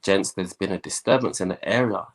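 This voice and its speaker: Young guy, real deep voice, telling his story, does the voices of people he's quoting. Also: a little fast. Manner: animated storyteller, acts out quoted voices. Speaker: guest.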